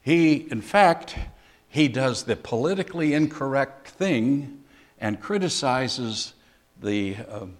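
An older man preaching a sermon as a pastor, conversational, with dry humor and pauses. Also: mid-range voice, animated.

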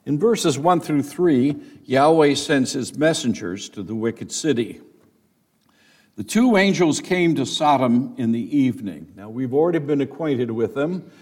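A male pastor preaching an expository sermon, explaining scripture verse by verse with deliberate emphasis. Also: mid-range voice, expressive, darkish tone, husky. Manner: deliberate, emphatic teaching delivery.

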